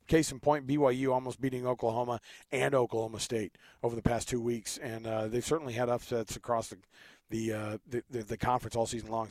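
A man co-hosting a casual sports talk show, animated and jokey, on a close studio mic. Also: mid-range voice, dry recording. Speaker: sports radio co-host.

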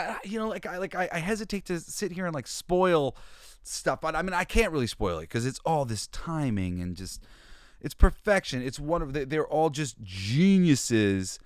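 A man's voice: medium pitch, no echo, studio quality. A man hosting a show, telling a story casually with a lot of animation, laughing often and swearing freely. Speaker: host.

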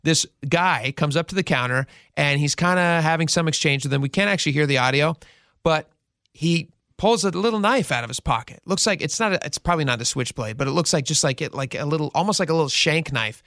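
Radio host guy, kinda high voice, telling a story and doing the quotes, dry studio sound. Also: brisk, no echo. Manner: animated storyteller, acts out quotes. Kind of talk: casual talk radio storytelling.

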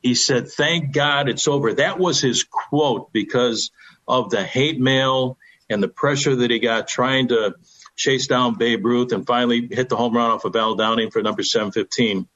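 A man's voice: mid-range voice, normal speed, fairly bright tone, highs cut off. An older man, a radio sports broadcaster, telling a folksy baseball anecdote with reverence for the game. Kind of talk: storytelling on a sports radio show.

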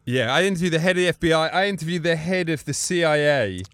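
A man's voice: fairly high pitch, quick pace, clean tone, no room sound, clean studio sound. A middle-aged man from England, a comedian guest in a casual interview, telling anecdotes and acting out other people's voices. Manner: animated, acts out voices in his anecdotes.

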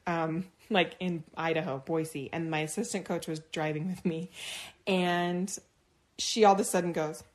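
A woman co-hosting a podcast, telling stories in a casual chat, animated and laughing often. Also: fairly low pitch, a little slow. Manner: animated storyteller, acts out her own yelling and laughs a lot. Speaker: podcast co-host.

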